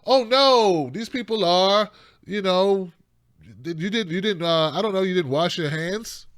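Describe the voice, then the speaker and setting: Male call-in show host, high voice, dry close mic, rants emphatically with sarcastic asides. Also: unhurried, a bit bright, clean tone, dry recording. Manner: rambling, emphatic, mocking asides. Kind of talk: impassioned political commentary.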